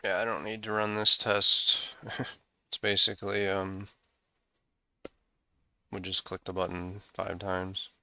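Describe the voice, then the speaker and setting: A man's voice: low-pitched, completely flat delivery, takes it slowly, long pauses, sharp tone, clean tone, dry recording. A man talking through his programming work in a casual coding walkthrough, thinking aloud as he goes. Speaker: programmer screencasting code.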